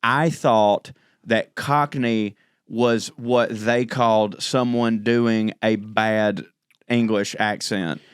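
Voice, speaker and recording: A man's voice: fairly low pitch, fairly even intonation, slow pace, clear, resonant tone, no echo, studio quality. A man with a Southern US accent co-hosting a comedy podcast in casual, rambling chat full of asides and restarts. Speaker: podcast co-host.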